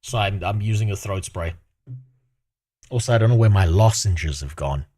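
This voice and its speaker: A man's voice: lowish voice, lively intonation, normal speed, warm tone. A man chatting on a stream with a sore throat. He rants and swears constantly. His voice swings widely up and down as he talks. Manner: swears often, rants animatedly. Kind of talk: casual reaction stream chat.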